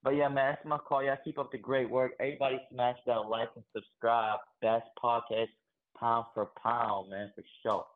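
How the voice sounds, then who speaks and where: A man's voice: medium pitch, flat delivery, normal speed. A man calling in to a show by phone, talking in a rambling, laid-back way. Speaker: caller. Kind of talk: phone-in caller comment. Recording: phone line.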